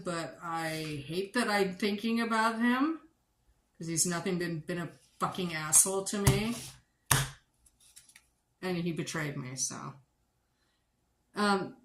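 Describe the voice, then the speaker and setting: A woman giving a livestream tarot reading, blunt and sarcastic and quick to swear. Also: medium pitch, a bit bright. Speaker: tarot reader. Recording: echoey room with background noise.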